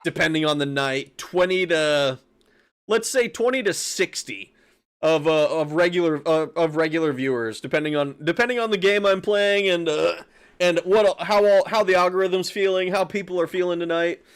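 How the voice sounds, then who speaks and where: A man's voice: high voice, normal speed, smooth. A man streaming a game, chatting casually with his viewers, reading out chat, laughing and swearing, with frequent restarts.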